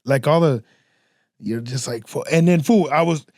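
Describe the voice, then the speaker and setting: A man's voice: on the high side, normal speed, dry recording, clean studio sound. A man hosting a podcast, telling stories in a casual, slangy, profane way and acting out the people in them. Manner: slangy and profane, peppers talk with "fool" and "dog"; animated, acts out voices in his stories. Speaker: podcast host. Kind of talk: casual storytelling chat.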